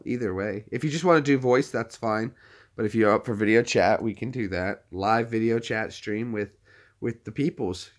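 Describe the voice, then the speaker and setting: A man's voice: medium pitch, fairly bright tone. A man hosting a casual livestream, chatty and upbeat, talking straight to his viewers. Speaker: livestream host.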